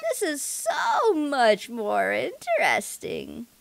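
Casting: a woman playing a high, slow, sinister little flower villain in a game. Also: huge pitch swings, creaky, slight background noise, exaggerated voice, rough recording. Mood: menacing. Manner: slow, creepy, drawn-out menace. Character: sinister scheming little flower creature, male.

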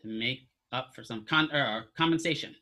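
A man's voice: medium pitch, a little fast, sharp tone. A man teaching a physical therapy class, lecturing casually, quizzing students and throwing in jokes. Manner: asks students questions, casual joking asides.

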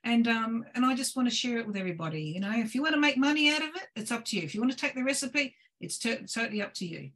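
A woman, a guest on a video call, telling lively stories about home cooking and cheese-making with laughs along the way. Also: on the high side, racing, few pauses. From Australia. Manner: lively, laughing, gestures while cooking talk. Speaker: guest presenter. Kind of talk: animated storytelling on a video call.

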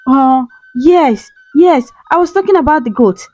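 A woman's voice: high-pitched, animated, unhurried, dark tone, muffled recording, soft background music. A woman voicing a frightened, stammering married man in a storybook tale, speaking nervously. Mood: scared.

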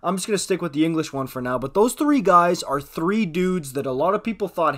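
A man's voice: on the high side, lively intonation, brisk, few pauses, fairly bright tone. A man giving casual, chatty hockey news commentary, talking straight to his viewers.

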